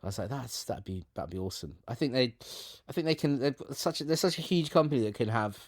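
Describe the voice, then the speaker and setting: A man's voice: medium pitch, animated, fast, dry recording, studio quality. A man co-hosting a podcast over a remote call, chatting casually and going off on jokey tangents with lots of restarts. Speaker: podcast co-host. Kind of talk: casual chat.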